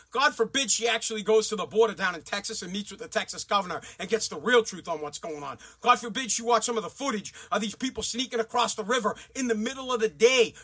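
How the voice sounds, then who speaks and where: A man's voice: very high voice, pushed and bright, breathy edge. A man from the United States delivering a heated, crude political rant, swearing often and speaking bluntly. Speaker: commentator.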